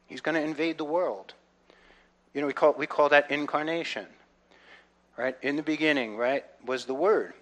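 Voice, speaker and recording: Man, fairly high voice, earnest conversational Bible teacher, shifts from hushed to loud and excited. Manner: earnest, often checks in with "right?"; swings between soft reflective and loud excited delivery.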